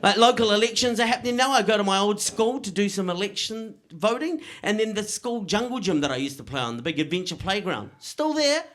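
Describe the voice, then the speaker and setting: A middle-aged man performing a stand-up comedy set, delivering deadpan punchlines and checking in with the crowd. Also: sits high, brisk, few pauses.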